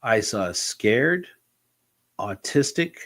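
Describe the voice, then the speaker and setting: A man's voice: lowish voice, takes it slowly. Candid man telling stories with restarts. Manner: frank, animated, with frequent restarts. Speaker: interview guest. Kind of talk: candid conversational storytelling.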